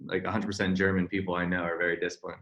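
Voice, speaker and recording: Easygoing low-voiced young man, roomy sound. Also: very fast, muffled recording. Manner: relaxed, profane, easygoing. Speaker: podcast guest. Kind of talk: casual chat. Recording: roomy echo.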